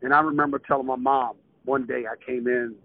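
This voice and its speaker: Gravelly older man on a tinny phone line. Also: medium pitch, brisk, no echo. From southern Maryland, USA. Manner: animated storyteller, acts out quoted voices. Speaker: retired basketball coach, guest. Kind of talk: casual storytelling interview.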